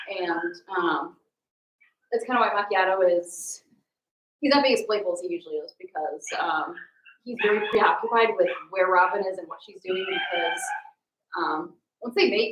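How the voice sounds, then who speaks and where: A woman's voice: on the low side, reverberant, distant mic, low-quality recording. A woman who breeds dogs, chatting casually on a livestream at home and cooing at her dogs between explanations. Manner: chatty, explains with many ums, coos at the dogs. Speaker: dog breeder hosting a livestream. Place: home, among the puppies and dogs.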